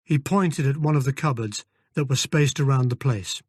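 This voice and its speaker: A man narrating a story in the first person, measured and even. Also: mid-range voice, husky, no room sound. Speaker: audiobook narrator. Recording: dry close studio recording.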